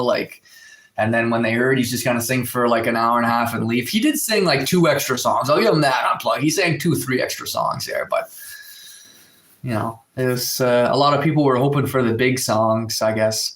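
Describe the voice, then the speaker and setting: This man's mid-range voice has a fairly bright tone and a roomy sound, captured by a phone indoors at home in a room with a window. He chats on a livestream, telling rambling, filler-heavy stories and reading the chat aloud.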